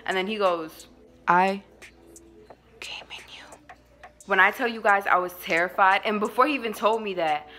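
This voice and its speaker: A young woman spins a casual storytime vlog with a bright, forceful voice. Her telling is animated and slangy, and laughs keep breaking through. Her pitch sits in the middle for a woman. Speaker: vlogger.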